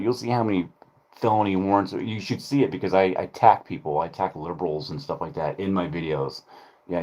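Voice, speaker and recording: A man's voice: deep voice, a little mellow. A man ranting casually on his channel, rambling and profane. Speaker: streamer.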